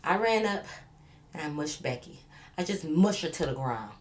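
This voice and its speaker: Woman vlogger, lower voice, animated and profane storyteller. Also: normal speed, noisy background. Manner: animated, profane, speaking straight to viewers. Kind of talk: storytime vlog.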